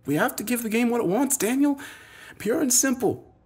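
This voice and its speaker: A man puts on a grim woman guarding a secret in a horror audiobook. Her voice is raised and tense, with a husky texture. She presses every point. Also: very high voice, lively intonation, normal speed, darkish tone, pitched above the performer's own voice, full character voice. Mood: insistent. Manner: tense, insistent.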